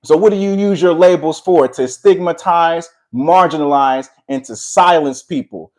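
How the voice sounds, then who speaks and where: A man's voice: on the high side, darkish tone. A man delivering a combative, preachy monologue that alternates between heated talk and reading a prepared text, often repeating "all right". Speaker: commentary vlogger.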